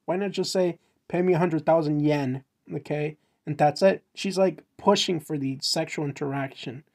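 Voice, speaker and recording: A man's voice: fairly high pitch, moderate pace, a little mellow. A young man giving a casual, joking recap of a manga, commenting on it with disbelief as he goes. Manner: incredulous, joking running commentary. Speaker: manga recap channel host.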